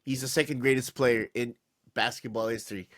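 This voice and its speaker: A man co-hosting a casual sports podcast, ranting in an animated, exasperated way with lots of restarts. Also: medium pitch, a little fast, no room sound, clean studio sound. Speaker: podcast co-host.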